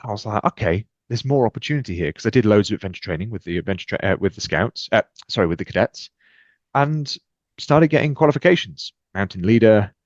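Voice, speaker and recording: A British man with a very low voice recounts his own stories with energy, jumping into lively acted dialogue. The sound is dry and close, with a muffled, dull edge to the audio. He talks as a guest in a relaxed podcast conversation. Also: quick pace, dry recording. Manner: energetic, acts out quoted exchanges with lively shifts. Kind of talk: animated storytelling in conversation.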